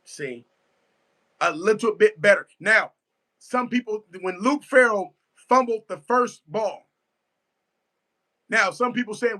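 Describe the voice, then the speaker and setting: A man's voice: high voice, takes it slowly, long pauses, sharp tone. A man giving a casual live reaction to a football game, emphatic and repetitive, answering his chat as he goes. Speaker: sports fan streamer.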